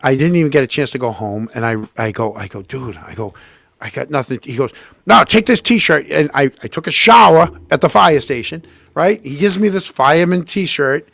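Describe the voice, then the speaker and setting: Gravelly middle-aged man telling stories. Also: fairly quick, no room sound. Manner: animated, acts out quotes with jumps in pitch. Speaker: co-host. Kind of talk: casual storytelling chat.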